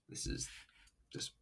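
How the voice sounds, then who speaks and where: A man's voice: distant mic, heavy background noise. A man casually reviewing an old wrestling event, rambling, swearing and joking as he watches. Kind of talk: casual video commentary.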